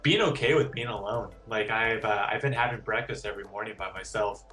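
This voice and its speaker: A man speaks as a podcast guest in relaxed conversation, his voice sitting a little low. He talks candidly and rambles, filling his sentences with "like" as he goes. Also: a little fast, recorded from a distance, faint music behind. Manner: candid and rambling, heavy with "like" fillers. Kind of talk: casual chat.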